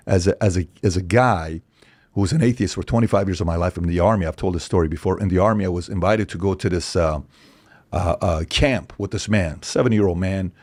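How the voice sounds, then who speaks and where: A man in his forties, a podcast guest, speaking in an animated, opinionated monologue full of rhetorical questions and acted-out quotes. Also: deep voice, brisk. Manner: acts out quoted voices, emphatic, rhetorical questions.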